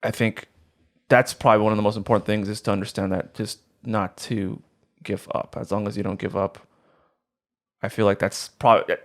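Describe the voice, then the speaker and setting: A young man with a fairly low voice, co-hosting a podcast in casual conversation. He speaks earnestly and rambles, often restarting his sentences. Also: little pitch movement, a little fast. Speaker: podcast co-host.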